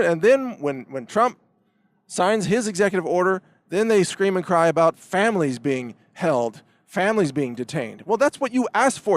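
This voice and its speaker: A man hosts a heated political commentary monologue in a voice set high and swinging widely in pitch. He talks emphatically, repeating words as he addresses his opponents head-on. The sound is dry and close. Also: sing-song, moderate pace, dry recording. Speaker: commentary host.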